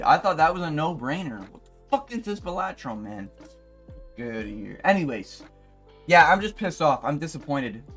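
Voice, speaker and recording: Profane young man ranting, exasperated. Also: a little high. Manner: profane, exasperated ranting with sudden loud outbursts. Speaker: YouTuber. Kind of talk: ranting commentary video.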